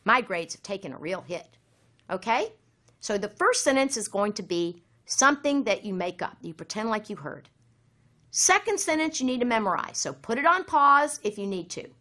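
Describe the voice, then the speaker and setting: Lively woman teaching a lesson. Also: on the high side, normal speed. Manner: instructive, lively, direct address to students. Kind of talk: recorded essay-writing lesson.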